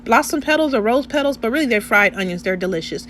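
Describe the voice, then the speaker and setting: A woman vlogger talks through a story in a chatty voiceover, often pausing to check in with her listeners. Her voice sits a little high. A faint steady hum runs underneath. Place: indoors, recorded separately from the restaurant footage.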